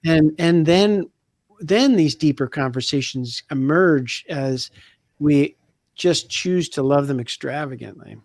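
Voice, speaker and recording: Middle-aged male host, enthusiastic and affirming, slightly high voice, dry close sound. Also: takes it slowly, a little mellow, no echo.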